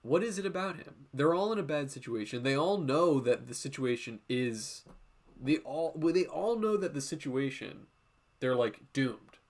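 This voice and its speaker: A man's voice: medium pitch, moderate pace. A man hosting a casual art livestream, talking in a rambling, profane way and drifting from tangent to tangent while he draws. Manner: animated, often slipping into quoted voices. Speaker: art streamer and host.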